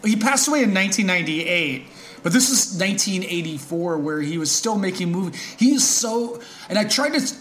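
A man co-hosting a podcast in casual chat, relaxed and reflective, with some hesitation. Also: high-pitched, fairly quick. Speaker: podcast co-host.

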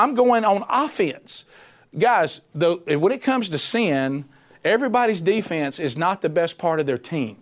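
A middle-aged man, a former radio host, preaching a sermon in an animated, conversational way with punchy repetition. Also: high voice.

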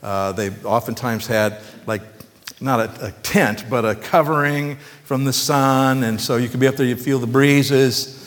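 A man's voice: mid-range voice, fairly even intonation, measured pace. Male pastor, folksy and conversational sermon style, joking asides, long church reverb.

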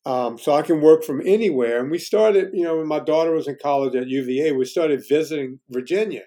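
A man's voice: a little high, fairly quick, mellow. A man in his fifties, a guest telling stories in casual conversation, candid and self-deprecating, often restarting his sentences. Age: 50s.

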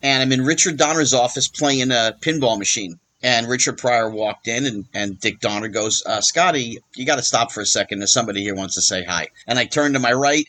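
A man telling an anecdote as an interview guest, acting out the voices of the people in it. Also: medium pitch. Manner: lively, acts out quoted voices. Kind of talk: animated storytelling anecdote.

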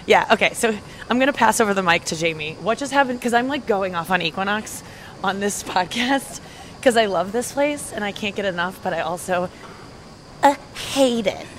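A woman's voice: mid-range voice, expressive, moderate pace, a bit bright, a little hiss or hum. Brash woman podcast host at the gym. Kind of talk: casual chat. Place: gym on a treadmill.

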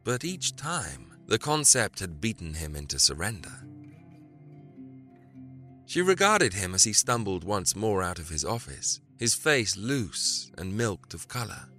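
A male narrator reading a story with drama and expression. His deep voice has a gravelly texture and a bright edge, and his pitch moves a lot, with soft music behind him. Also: big pitch swings, a little slow. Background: faint music.

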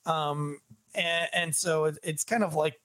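A man who is a police officer, telling a story on a podcast in a casual, animated and joking way. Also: on the high side, measured pace, dry recording. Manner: animated, jokey storyteller, acts out dialogue.

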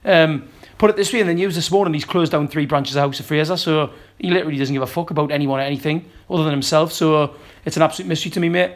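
Fast-talking sweary man ranting. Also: on the high side. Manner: scornful, sweary, rapid ranting. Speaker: podcast guest. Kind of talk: casual football podcast chat.

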